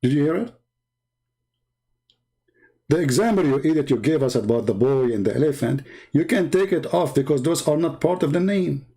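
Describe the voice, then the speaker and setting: A man's voice: fairly high pitch, animated, moderate pace, pauses often, husky. A man hosting a call-in debate show, talking heatedly and mockingly and cutting in on his callers. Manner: mocking, shouting, interrupting.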